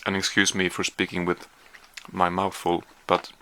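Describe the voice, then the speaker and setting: A man's voice: low-pitched, completely flat delivery, moderate pace, bright, forceful tone, slight background noise. A man chatting casually through a taste-test vlog, hesitant with lots of fillers, sometimes talking while chewing. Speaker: vlogger.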